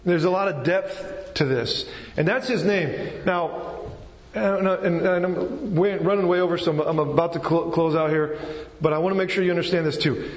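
A man's voice: high-pitched, moderate pace. Preaching man in an echoey hall. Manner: explains step by step, checks in with the listeners. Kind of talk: sermon. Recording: echoey hall, slightly dull sound.

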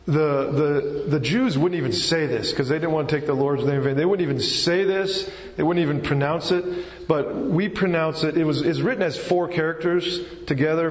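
Male preacher, sermon delivery, slightly high voice, long hall reverb, a touch lo-fi. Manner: explains step by step, checks in with the listeners. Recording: echoey hall, slightly dull sound.

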